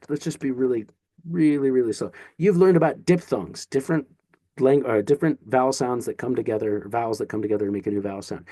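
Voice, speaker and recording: A man's voice: medium pitch, warm tone, no echo. A man teaching a casual online lesson, talking in a chatty, encouraging way with asides and restarts. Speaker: Greek teacher.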